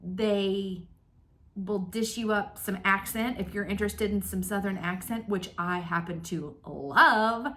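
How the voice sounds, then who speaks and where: In a home craft room, a woman in her thirties hosts a casual stitching vlog, a flosstube channel, chatting to the camera in a rambling, self-deprecating way full of ums. Her voice is medium-pitched and sharp-toned, and she talks a little slowly.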